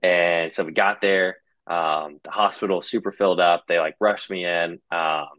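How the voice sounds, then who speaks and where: A young man with a low, deep voice tells his story as a podcast guest. He speaks casually and re-enacts each exchange in quoted dialogue. The sound is close and dry, with no room in it. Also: fairly even intonation, moderate pace, fairly bright tone, dry recording, poor audio. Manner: retells scenes by quoting dialogue. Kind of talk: casual first-person storytelling.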